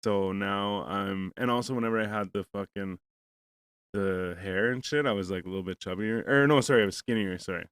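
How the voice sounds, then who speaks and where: A man with a low, smooth voice tells a long story in casual podcast chat. He rambles and swears often, filling his talk with "like" and "man". He acts out the other person's lines as well as his own. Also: a little fast, fairly bright tone, no room sound. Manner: rambling and profane, full of "like" and "man"; acts out both sides of a conversation. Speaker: podcast host.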